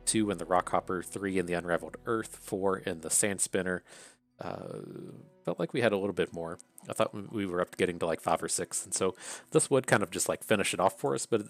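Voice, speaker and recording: A man with an Appalachian accent casually thinking aloud through card draft picks, with many fillers and restarts. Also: deep voice. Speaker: card game content creator.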